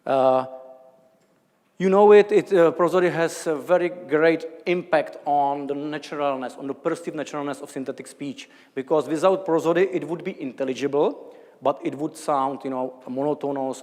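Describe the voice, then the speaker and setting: Czech-accented man lecturing, halting. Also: a little high, steady tone, darkish tone, long reverb tail. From Czech Republic. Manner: hesitant, many fillers and restarts. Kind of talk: academic lecture. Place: large lecture hall.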